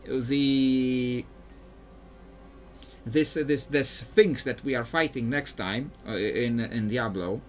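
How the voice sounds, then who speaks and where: Playing a video game, a streamer offers loose, wandering commentary, frequently breaking off to start sentences over and chuckling along the way. His voice is mid-range and a bit bright.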